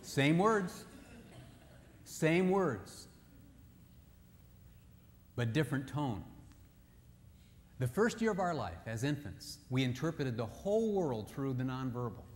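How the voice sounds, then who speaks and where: A man's voice: medium pitch, very animated, takes it slowly, long pauses. Jokey male speaker in an echoey hall. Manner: jokey storyteller who acts out quotes. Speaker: marriage seminar speaker. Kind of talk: humorous seminar talk with scripture.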